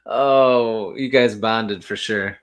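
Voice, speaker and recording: A man hosting a casual live interview over a video call, reacting with quick, easygoing remarks. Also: on the low side, fairly even intonation. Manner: laid-back, quick short reactions and chuckles. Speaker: podcast host.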